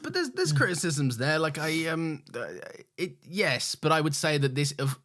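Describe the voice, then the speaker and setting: A man's voice: a little high, big pitch swings, normal speed, a bit bright. A man co-hosting a podcast in casual chat, laughing often and swearing freely as he rambles. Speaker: podcast co-host.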